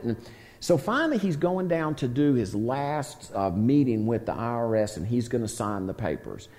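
Animated man telling a story in a hall. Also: mid-range voice, moderate pace. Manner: rambling, folksy, with many fillers. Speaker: recovery meeting leader. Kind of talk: storytelling talk to a group.

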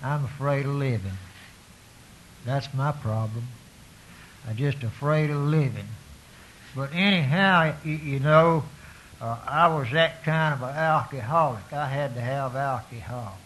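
A man's voice: medium pitch, a little slow, a bit bright, poor audio. A man tells his recovery story to an audience in a folksy, self-mocking way, full of restarts and "you know"s.

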